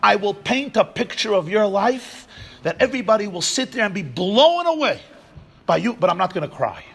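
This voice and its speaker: A man doing a sly rabbi pitching packages. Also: sing-song, moderate pace, gravelly, a bit bright, breathy edge, exaggerated voice. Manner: dry, matter-of-fact salesman's patter. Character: sly male rabbi selling eulogy packages.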